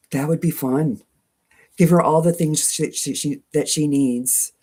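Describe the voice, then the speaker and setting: Slow, low-voiced twangy woman. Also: warm tone, breathy edge. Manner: chatty and self-mocking, laughs often. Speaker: quilting channel host. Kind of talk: casual live chat, reading viewer comments.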